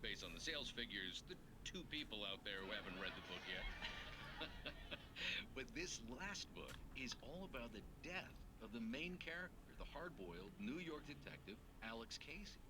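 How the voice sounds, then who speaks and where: A man's voice: mid-range voice, sing-song, normal speed, close to an everyday voice. A man voicing a slick male talk-show host who jokes in a showy way to his audience, in a noisy game recording.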